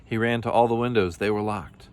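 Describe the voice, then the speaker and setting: Lower-voiced man reading a children's story. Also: fairly even intonation, a little fast, darkish tone, smooth. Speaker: children's book reader. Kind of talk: storybook read-aloud.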